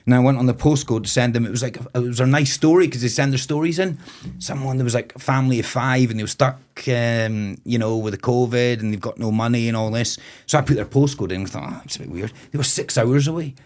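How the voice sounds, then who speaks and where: A man's voice: medium pitch, brisk, darkish tone. A man of around forty from Moray in Scotland, a festival owner telling stories as a guest in a casual podcast chat. He rambles, swears freely and laughs often.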